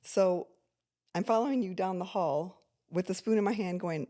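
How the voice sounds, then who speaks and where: A woman's voice: on the low side, moderate pace. An older woman, a mother on a family podcast, telling a story and acting out the people in it. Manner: animated storyteller who acts out quoted voices.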